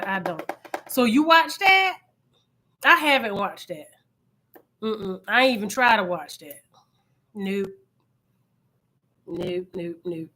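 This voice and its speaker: Loud, chatty, bright-voiced woman vlogger. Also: fairly high pitch. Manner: chatty, loud and animated, with frequent laughs and repeated phrases. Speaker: channel host. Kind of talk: casual live-stream chat with viewers.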